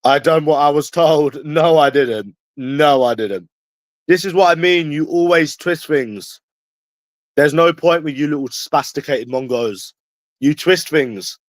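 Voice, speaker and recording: A man's voice: fairly high pitch, a little slow, no echo. A man with a London accent, ranting at his livestream chat in a confrontational, profane and repetitive way. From London, England. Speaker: streamer answering chat. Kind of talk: combative livestream rant.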